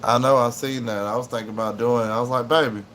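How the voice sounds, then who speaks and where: A laid-back man with a drawl, rambling through a casual livestream chat from home. His voice sits at an ordinary middle pitch and wanders easily between talking to viewers and fussing over his dog. A faint air-conditioner hum runs underneath. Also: flat delivery, fast, fairly bright tone. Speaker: livestream host.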